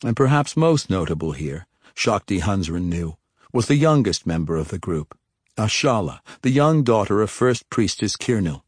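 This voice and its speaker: A man reading a fantasy novel aloud as an audiobook narrator, in a measured storytelling way. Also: on the low side, big pitch swings, slightly rough, no echo, clean studio sound.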